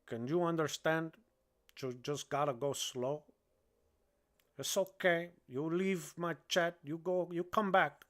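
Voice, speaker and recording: A man's voice: on the high side, slow pace, fairly bright tone. A man putting on a brash Cuban gangster with a Cuban Spanish accent, rambling and boastful with constant "man"s. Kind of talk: comedic impression on a livestream.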